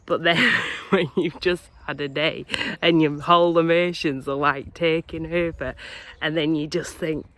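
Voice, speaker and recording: A woman's voice: low voice, unhurried, a bit bright. A young woman with a Yorkshire accent, chatting casually to camera on the go and laughing through serious topics. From England. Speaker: vlogger. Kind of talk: casual chat to camera while walking.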